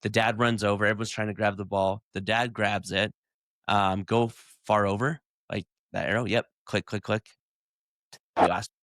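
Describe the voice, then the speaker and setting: A man's voice: on the low side, little pitch movement, moderate pace, a bit bright. A man co-hosting a podcast in laid-back casual chat, retelling clips. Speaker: podcast co-host.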